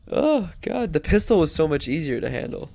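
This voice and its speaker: A man's voice: fairly high pitch, creaky. A man co-hosting a podcast in casual chat, reading out listener questions and laughing often. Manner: laughs often, easily excited.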